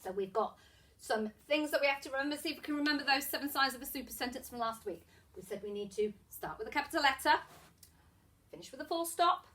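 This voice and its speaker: A woman's voice: high voice, lively intonation, brisk, a bit bright. A woman teaching a phonics lesson to young children, giving encouraging, sing-song instructions. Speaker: primary school teacher.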